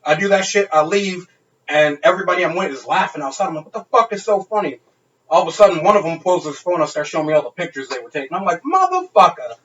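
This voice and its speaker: A man's voice: on the high side, quick pace, a bit bright, recorded from a distance, dull audio. A man on a podcast telling a wild night-out story in casual, profane, laughing chat. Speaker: podcast co-host.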